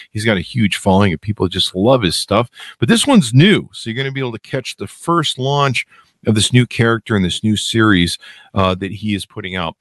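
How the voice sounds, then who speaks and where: Male podcast host, loose self-mocking patter, lively pitch, dry close sound. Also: no echo. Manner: joking, self-mocking, meandering. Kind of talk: casual rambling intro.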